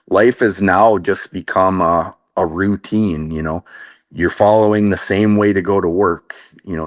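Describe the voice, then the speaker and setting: A man's voice: sits low, no room sound. A man from Minnesota in his thirties, talking earnestly as an interview guest, with many fillers and restarts. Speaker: guest sharing recovery story. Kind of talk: casual conversational interview.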